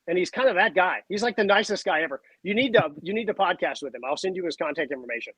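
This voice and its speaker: Animated man telling hunting stories. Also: sits high, fast talker, hardly any pauses, husky, no room sound, rough recording. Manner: animated, acts out voices and sounds. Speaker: podcast guest. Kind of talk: casual storytelling chat.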